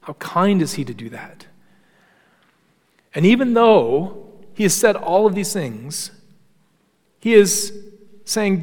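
A man preaching a sermon in earnest, shifting between quiet low passages and raised emphatic ones, often repeating words as he restarts. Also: animated, unhurried, long pauses. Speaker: pastor. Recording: long hall reverb.

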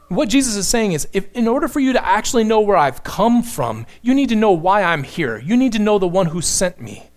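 A man preaching a sermon, emphatic and impassioned, moving between loud declarations and hushed, slow lines. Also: sits high, very animated.

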